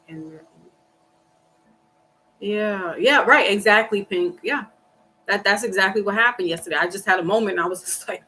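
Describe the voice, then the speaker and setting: A woman hosting a livestream reading, talking casually to her viewers about grief and acting out past conversations in lively voices. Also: mid-range voice, a little slow, pauses often, slight background noise. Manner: talks through grief, quoting herself and a friend in animated voices. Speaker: tarot reader on a livestream. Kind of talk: casual chat with live viewers.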